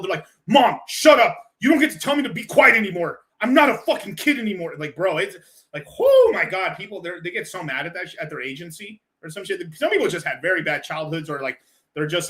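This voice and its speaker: A man with a bright, slightly raised voice rambles through an off-the-cuff reaction, laughing and cursing freely. His talk is loose, full of restarts and asides. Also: fairly high pitch. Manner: loose, rambling, laughs often, swears a lot. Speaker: stream host reacting to a clip. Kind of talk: casual profane reaction commentary.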